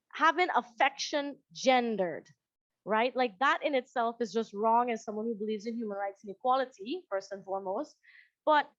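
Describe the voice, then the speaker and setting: Guyanese woman giving a lively online talk. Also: high-pitched, no echo, muffled recording. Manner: conversational, animated, acts out quoted parents. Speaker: psychologist. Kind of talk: presentation on a video call.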